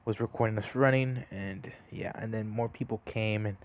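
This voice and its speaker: A man's voice: lowish voice, steady tone, normal speed. A young man casually telling a story over gameplay, rambling with lots of fillers and restarts. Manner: rambling, many fillers and restarts, laughs at himself.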